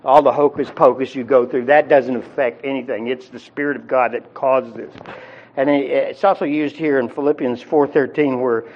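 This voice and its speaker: A man's voice: mid-range voice, fairly even intonation, moderate pace, a little hiss or hum. Man preaching a Bible sermon, lo-fi. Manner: conversational, with frequent restarts and repeated words.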